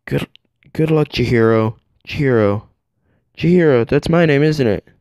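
A man voicing a calm, reassuring young male spirit in a comedic fan dub, close to his own voice. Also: mid-range voice, moderate pace, no room sound, natural voice. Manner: calm, reassuring, matter-of-fact.

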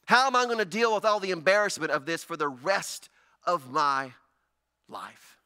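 Man doing a worried teenage girl, incredulous questions, very high, bright edge. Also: moderate pace, clear, resonant tone. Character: anxious teenage girl Mary, bewildered.

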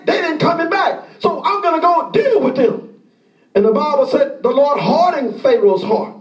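A man preaching a sermon as pastor, impassioned and often shouting, acting out the pleas of the people he describes. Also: extremely high pitch, echoey room, recorded from a distance.

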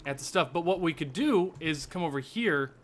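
A young man hosting a multiplayer game session, stammering and rambling as he plans out loud. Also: fairly high pitch, expressive, normal speed. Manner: stammering, thinks aloud while planning. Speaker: let's play host. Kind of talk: casual gaming chat.

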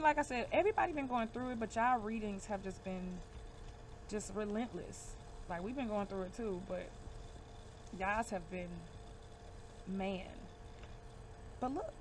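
A woman's voice: on the high side, a little hiss or hum. A woman giving a casual card reading to camera, emphatic and reassuring, calling her viewers y'all and baby. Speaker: divination reader.

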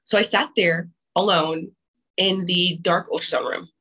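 A woman's voice: lowish voice, fairly even intonation, unhurried, a bit bright, breathy edge, low-quality recording. A young woman telling her own abortion story frankly and candidly, with frequent restarts and casual swearing.

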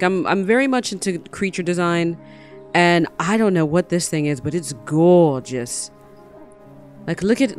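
A woman hosting a casual let's play, chatting as she explores a game and squealing when she spots creatures. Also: lowish voice. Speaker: gaming channel host.

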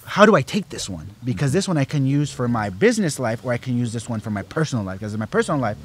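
A young man speaking as a guest on his father's podcast, reflective, with many fillers, and growing animated as he goes on. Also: medium pitch, fast, husky. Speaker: podcast guest, host's son. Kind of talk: casual family podcast chat.

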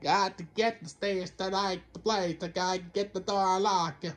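A man's voice: sits high, fairly even intonation, moderate pace, hardly any pauses, fairly bright tone. A man giving rambling let's-play commentary, talking to himself and the game, who keeps slipping into a Count Dracula-style voice and scolding himself for it. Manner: rambling, self-talk, talks to the game. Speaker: gameplay commentator.

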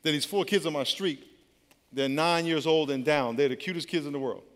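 A man's voice: a little high, a little fast, a bit bright. A man in his fifties preaching a sermon as a pastor, in a conversational storytelling way with humor. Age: 50s. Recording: long reverb of a large hall.

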